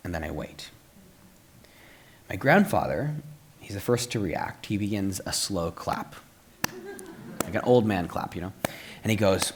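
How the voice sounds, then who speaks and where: A young man telling a personal story at a live book talk, lively with playful asides and frequent "um" fillers, turning soft and earnest at the close. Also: on the low side, a little fast, a little hiss or hum. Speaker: author and speaker. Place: stage at a live public talk.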